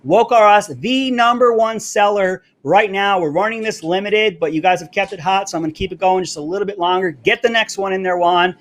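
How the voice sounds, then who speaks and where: A man hosting a live political commentary stream, brash and fast-talking, pushing his merch between topics. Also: sits high, fairly bright tone. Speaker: show host. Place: Florida.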